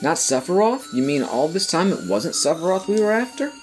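A man voicing an anxious, earnest young woman fighter from a video game in a strained falsetto. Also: sing-song, brisk, faint music behind. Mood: alarmed.

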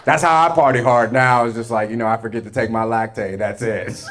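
The audience laughs as a young stand-up comic in a club narrates a story and performs both parts of the dialogue. His medium-pitched, slightly bright voice is steady in tone and fairly quick. There's a little hiss or hum in the recording.

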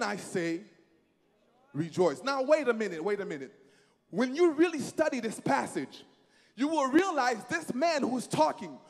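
High, animated preacher man in a reverberant hall. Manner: emphatic, repeats phrases, leads the congregation in call-and-response. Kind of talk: sermon.

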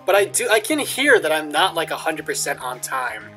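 A young man with a fairly high, sharp, very animated voice commentates at normal speed as he plays a video game for his channel. Faint game music runs underneath as he jokes, voices in-game lines aloud and chuckles a lot in casual let's play style.

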